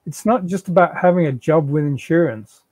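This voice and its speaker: A man's voice: fairly high pitch, moderate pace, a little mellow, dry recording, lightly acted. A man in a live reading, voicing a defensive, pleading unemployed husband and father.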